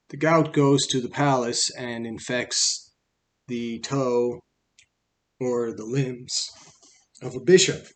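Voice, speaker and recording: A man casually retelling a fable in a rambling, conversational way with fillers. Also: medium pitch. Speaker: storyteller.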